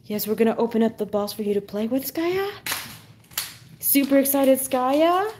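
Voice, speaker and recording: Bubbly high-voiced woman coaxing her dog. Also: fairly even intonation, normal speed, darkish tone, a little hiss or hum. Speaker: pet channel host. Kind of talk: live-stream chat with her dog. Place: home, indoors.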